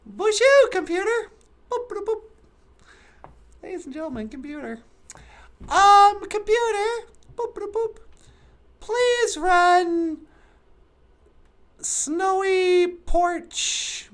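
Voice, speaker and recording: In this puppet show monologue, a performer gives full character voice to a cheerful, giggly cartoon woman who rambles and muses aloud. Her high, sing-song voice swoops up and down with a fairly bright tone, and she lingers over her words while birds sing nearby.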